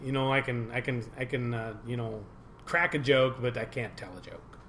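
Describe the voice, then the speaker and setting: An older man chats casually as a podcast co-host, halting and restarting as he tells a long joke. His voice sits in a middle register, and faint ambient noise hangs in the room behind him. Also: mid-range voice, fairly bright tone. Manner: self-deprecating, halting, with many restarts. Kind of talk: casual chat, joke telling.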